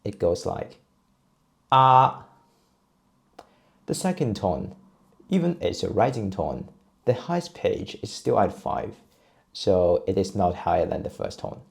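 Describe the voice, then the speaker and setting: Low gravelly-voiced man teaching tones. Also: normal speed. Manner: patient, steady teaching voice, repeats drill sounds. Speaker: Chinese teacher. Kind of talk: explaining and modeling pronunciation.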